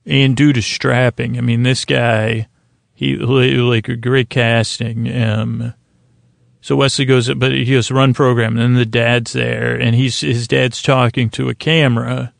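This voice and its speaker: A man hosting a sleep podcast, recapping a TV episode in a soft, meandering way with many fillers and restarts. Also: mid-range voice, little pitch movement, a little slow, creaky, no echo.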